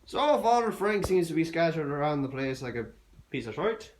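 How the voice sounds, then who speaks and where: Foul-mouthed joking man, lively pitch. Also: moderate pace, slight background noise. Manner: crude, profane, joking. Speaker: vlogger. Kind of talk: casual vlog commentary.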